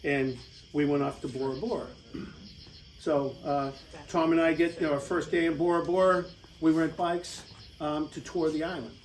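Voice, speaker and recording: A man's voice: a little high, fairly even intonation, moderate pace, slight background noise, low-quality recording. A middle-aged American man telling a rambling, casual travel story over slides, with lots of fillers and laughs. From United States.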